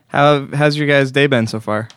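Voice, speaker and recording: A man hosting a comedy podcast, delivering a deadpan mock talk-show monologue and breaking into laughs. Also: on the high side, no echo, clean studio sound.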